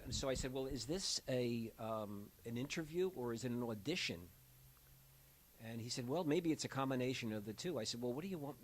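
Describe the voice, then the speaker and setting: In a rough recording with a faint hiss, an older man with a mid-range voice tells personal stories from his work as an end-of-life doula. His delivery is conversational and lively, and he acts out the voices of the people he quotes.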